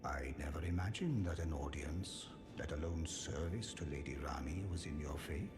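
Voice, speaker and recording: Super deep solemn blacksmith, video game, music in the back. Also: male voice, normal speed. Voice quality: deep, formal, creepy. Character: loyal solemn male royal blacksmith. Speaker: game character.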